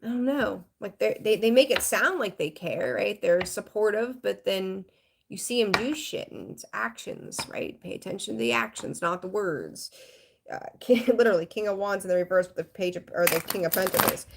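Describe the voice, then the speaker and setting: A woman's voice: medium pitch, normal speed, gravelly, slight background noise. A woman giving a live tarot reading in a frank, rambling way, swearing casually and greeting viewers. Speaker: tarot reader.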